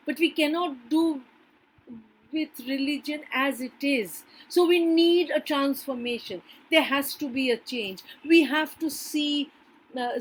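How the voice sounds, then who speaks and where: Woman teacher, unhurried lecture pace, keeps checking in with the class, some faint background hiss. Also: sits high, low-quality recording. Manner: checks in with frequent yes and right; hesitant restarts and fillers. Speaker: literature teacher.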